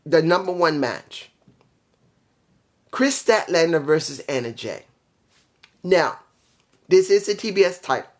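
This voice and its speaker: A man's voice: a little high, animated, measured pace, pauses often. Guy ranting through a wrestling show review, swears a lot, rambles, lots of ums when he blanks. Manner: rambling, profane, blunt opinions; trails off with fillers when forgetting. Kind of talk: casual solo review.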